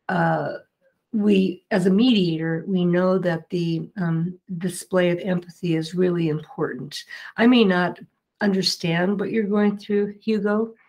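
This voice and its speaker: Earnest woman guest, low voice. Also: darkish tone. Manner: earnest, explanatory, many fillers and restarts. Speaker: mediator and guest. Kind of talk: interview answers.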